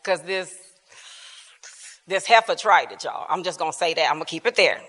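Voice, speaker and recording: A woman shares her story at a church bible class, loose and colloquial, breaking into laughter as she goes. Her voice is bright and ringing, and it echoes through a large, reverberant church hall. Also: on the low side, normal speed. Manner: colloquial, laughing often, animated. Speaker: church member giving testimony at bible class. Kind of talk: personal testimony, casual storytelling.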